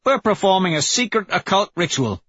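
A man voicing a brash, wild young male rebel leader who talks loud and excitable. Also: a little high, unhurried, breathy edge, no room sound, muffled recording, pitched above the performer's own voice, full character voice. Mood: mocking.

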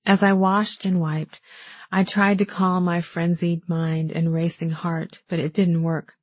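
A woman telling a first-person story as an audiobook narrator, in a measured, intimate way, close to the mic. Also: lowish voice, level tone, no room sound.

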